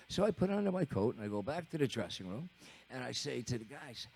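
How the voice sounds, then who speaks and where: A man's voice: medium pitch, very animated, fairly quick, gravelly, darkish tone, husky. A man in his seventies from Canada, a rock drummer telling a rambling, chuckling story on stage at a live studio concert. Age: 70s. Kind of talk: storytelling on stage between songs.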